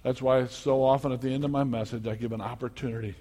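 A man preaching a sermon as pastor, swinging from quiet teaching to loud exhortation and repeating words when worked up. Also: mid-range voice, steady tone, fast talker. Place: church sanctuary. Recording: long echo of a church hall.

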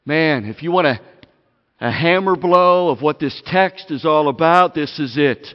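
A high-pitched man preaching to his congregation in church, dropping to near-whispers, then rising to loud emphasis. His voice is dull in tone and rings with long reverb from the hall. He talks casually to listeners, calling them "gang". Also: measured pace. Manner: dramatic swings from hushed to loud. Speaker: pastor. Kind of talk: sermon.

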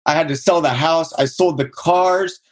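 A man's voice: normal speed, husky. A man in his thirties from Southern California, telling his own story in a casual interview and acting out quotes with a raised voice. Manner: energetic storyteller, acts out quotes in higher voice. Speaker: guest, real estate investor.

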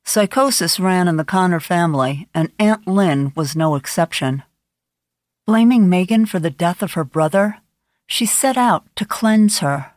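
A woman reads an audiobook in a measured, grave storytelling voice. Her pitch sits on the low side. The recording is dry and close, with no room sound. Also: expressive, a little mellow, no room sound. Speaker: audiobook narrator. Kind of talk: scripted narration.

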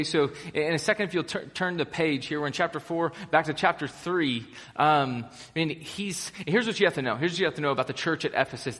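A man's voice: on the high side, a bit bright, husky. A young American man preaching a sermon as pastor, casual, chatty and enthusiastic with lots of fillers. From United States. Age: young adult. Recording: long reverb of a large hall.

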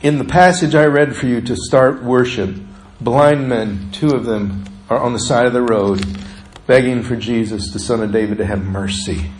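A pastor preaching a sermon, asking the congregation questions and often dropping his voice low and slow. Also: a little hiss or hum, low-quality recording. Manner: preachy, asks the listeners questions, often drops soft and slow.

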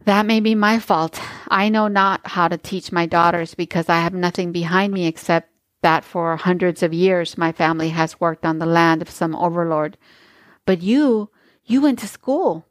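A woman's voice: lowish voice, moderate pace, no room sound, natural voice. A woman reading aloud as a firm, wise old immigrant grandmother who speaks in plain, old-fashioned phrases.

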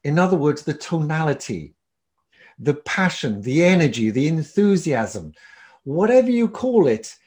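A man gives an unhurried lesson on presentation skills, teaching how to speak in public. As he explains and shows examples, his volume and pitch swing in lively ways.

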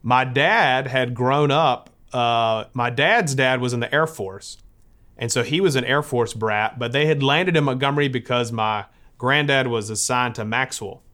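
A man's voice: medium pitch, measured pace. A man from the United States telling a personal faith story in a conversational way. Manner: conversational, lively when quoting others.

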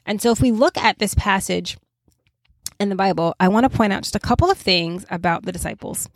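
A woman teaching a relaxed Bible study, talking conversationally with frequent "right?" asides and lively quoting. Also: mid-range voice, fairly quick, no room sound. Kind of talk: casual Bible study talk.

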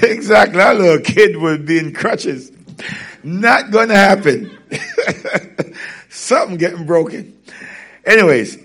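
A pastor delivers a sermon in a fairly high male voice that swings widely in pitch. He tells stories with animation and laughs often as he preaches. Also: a bit bright, husky.

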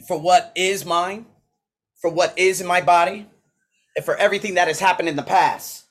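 A man hosting his coaching podcast in a motivational preaching mode, swinging between loud declarations and low asides, recorded on a laptop at home while he paces. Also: brisk. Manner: swearing, talking to himself by name. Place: indoors at home, pacing with a laptop. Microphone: laptop mic.

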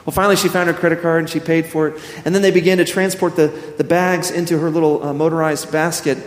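Pastor sermon, a man with a fairly high voice, storytelling, echoing church hall. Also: quick pace. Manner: storytelling, animated quoting of himself. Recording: echoey hall.

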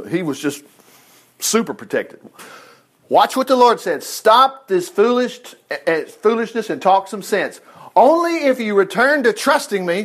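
A man preaching a casual sermon, reading scripture aloud and commenting on it in a folksy, animated way. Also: high voice, moderate pace.

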